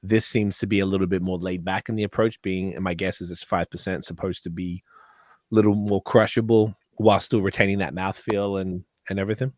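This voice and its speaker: A man's voice: low-pitched, flat delivery, brisk, dry recording. A man hosting a podcast, chatting casually and enthusiastically with rambling tasting notes and casual swearing. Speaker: podcast host.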